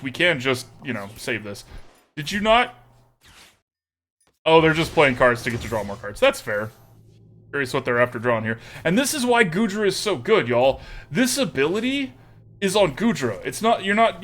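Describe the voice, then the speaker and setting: A man streaming live, chatting casually as he plays a card game, thinking out loud and greeting viewers by name. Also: a little high.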